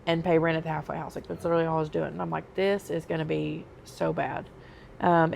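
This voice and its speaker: Her voice sits on the low side with vocal fry, and a little hiss or hum can be heard. As a podcast guest, she openly shares her own life story in a chatty way, with frequent "um"s and "like"s.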